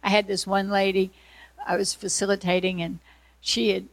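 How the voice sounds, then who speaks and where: A woman from Georgia leads a teaching session, working through a manual and illustrating points with stories. Her mid-pitched voice carries a gravelly edge, and she slips into other people's voices as she tells them. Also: moderate pace. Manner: animated storyteller, acts out voices in anecdotes. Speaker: prayer ministry teacher.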